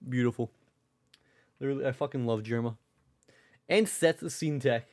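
A man's voice: medium pitch, normal speed, pauses often, a little mellow. A young man livestreaming, rambling casually, restarting sentences and swearing freely. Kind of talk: casual live-stream chat.

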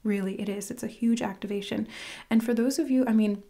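Woman host, gushing spiritual tarot reader, dips into whispers, mellow tone. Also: on the high side, fairly even intonation, a little fast. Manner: earnest, gushing, whispers for emphasis. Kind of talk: casual spiritual reading to camera.

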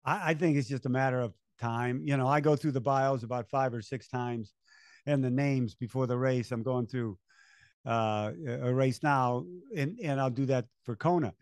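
A man's voice: mid-range voice, normal speed, no room sound, clean studio sound. An older man, a race announcer, telling stories in an interview and acting out the voices of people he quotes. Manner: animated storyteller, acts out quoted voices, chuckles. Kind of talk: conversational storytelling interview.

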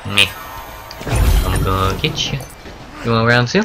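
A man's voice: fairly low pitch, expressive, a little slow, long pauses. Goofy man meowing through gameplay commentary. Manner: goofy and playful, meows and jokes while playing. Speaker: gamer. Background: loud game music.

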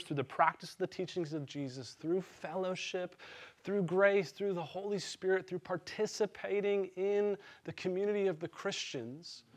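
Chatty, candid preacher, slightly high voice. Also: male voice. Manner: chatty, self-deprecating, asks the listeners if they follow. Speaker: pastor. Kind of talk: conversational storytelling sermon.

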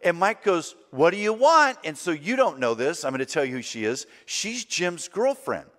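A man's voice: on the high side, big pitch swings, normal speed, a bit bright. A middle-aged man from Southern California preaching a sermon as a guest speaker. He tells stories and acts out the voices in them. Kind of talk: storytelling sermon. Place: church sanctuary. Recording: long reverb of a large church hall.

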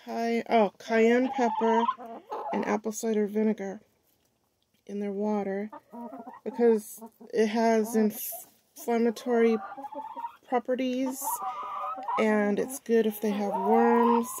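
A woman's voice: a little high, flat delivery, slow, pauses often. A woman keeping backyard hens, chatting casually on a phone video about how she feeds them, with hens heard nearby. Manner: coos to her hens in a sing-song baby voice between plain explanations. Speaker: backyard chicken keeper. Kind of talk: casual vlog chat. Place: outdoors by a chicken coop. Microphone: handheld phone. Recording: noisy outdoor phone recording. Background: hens clucking.

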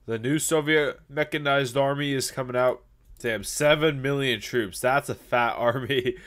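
A man's voice: mid-range voice, unhurried, a bit bright. A man giving casual, joking commentary on a strategy game and chatting to his viewers. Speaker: gaming YouTuber.

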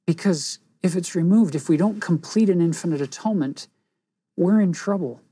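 A woman teaching a scripture lesson in an earnest, reflective way, pausing for emphasis. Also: fairly low pitch, animated, dark tone, slightly rough, dry recording.

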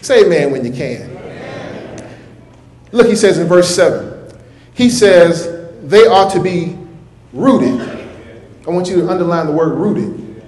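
A male minister preaches a sermon in a folksy, rhythmic way, repeating his points for weight. His voice sits high, and the church room echoes around him. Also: lively intonation, measured pace, long pauses, a little mellow.

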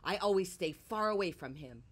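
A woman reading a children's picture book aloud on a porch, shifting from hushed whispers to loud outbursts. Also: lowish voice, expressive, moderate pace, slight background noise. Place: porch, outdoors.

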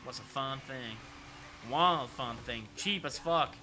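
A man streaming himself playing an arcade racing game, talking casually and excitedly to his viewers and swearing now and then. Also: medium pitch, unhurried. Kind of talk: live gameplay commentary. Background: arcade racing game music.

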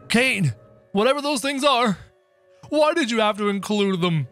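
A man narrating his gameplay in a theatrical, excitable way, yelping and shrieking at scares. His voice is high and bright, and it leaps around. Game music plays faintly behind him. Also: measured pace, pauses often. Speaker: gaming video host.

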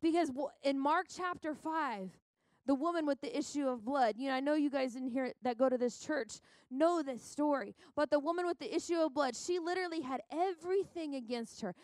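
A woman's voice: high-pitched, brisk, a little mellow, no echo. A young woman pastor preaching at a women's conference, fervent and exhorting, with lots of repetition. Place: church sanctuary.

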